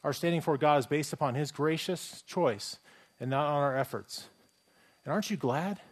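A man's voice: a little high, moderate pace. A man preaching a sermon as a pastor. He speaks conversationally, poses rhetorical questions and often restarts his phrases.

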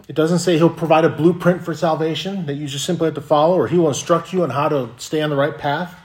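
A man's voice: fairly high pitch, quick pace, darkish tone. A man preaching a sermon as pastor, earnest, often repeating words as he restarts a phrase.

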